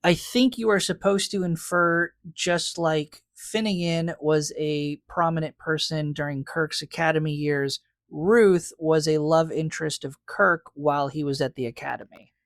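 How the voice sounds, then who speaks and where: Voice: mid-range voice, fairly even intonation, a little slow, few pauses, no room sound. A podcast co-host in casual recap chat, laying out fan theories in an analytical, hedging way.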